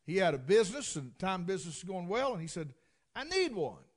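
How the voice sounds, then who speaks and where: A man's voice: high-pitched, lively intonation, fast talker. A man with a Southern US accent telling a folksy story with dry humor.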